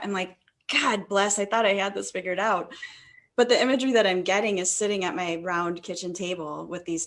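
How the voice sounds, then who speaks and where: A woman's voice: medium pitch, fairly bright tone. A woman coach in a casual discussion, talking animatedly and acting out her own inner voice. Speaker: coach and magazine contributor. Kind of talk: casual video-call discussion.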